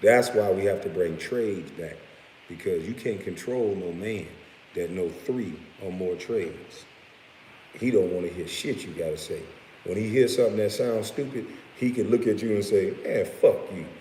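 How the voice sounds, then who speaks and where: A very low-voiced man holds forth in a blunt, profane rant, breaking off now and then to chuckle at his own lines. His voice carries a long room reverb, with a faint hiss underneath. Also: moderate pace, mellow. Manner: blunt and profane, with laughing asides. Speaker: vlogger. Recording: roomy echo with faint hiss.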